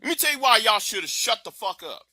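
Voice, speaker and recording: A man ranting on his livestream in a high, very bright voice. He is blunt, profane and emphatic, and the sound is dry and close. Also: sing-song, fast talker, dry recording. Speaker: livestream host. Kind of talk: heated commentary rant.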